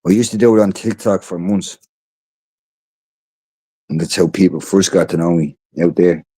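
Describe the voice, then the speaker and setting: A tired Irish man with a low, dark, husky voice speaks at normal speed. He's chatting casually on a livestream, rambling and swearing freely.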